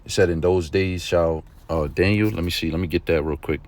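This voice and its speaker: A man teaching an informal religious lesson in a conversational preaching manner, often checking in with his listeners and growing excited at points. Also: deep voice, fairly quick. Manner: grows excited and emphatic at points.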